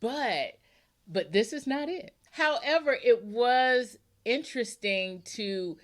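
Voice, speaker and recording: Woman, podcast host, slow, chatty, rambling, laughs often. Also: on the high side, expressive. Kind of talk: casual interview chat.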